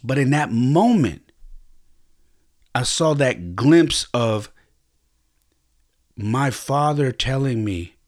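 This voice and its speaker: A man's voice: medium pitch, lively intonation, extremely slow, pauses often. A man hosting a podcast, telling a personal story in a reflective, earnest way, often stopping and restarting his sentences. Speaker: podcast host.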